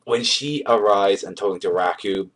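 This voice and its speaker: A young man with a fairly low voice talks through an episode review in a loose, offhand way. He rambles, leans on fillers like "like" and "you know," and throws in casual swearing. His delivery is unscripted and chatty. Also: moderate pace, fairly bright tone. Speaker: anime reviewer.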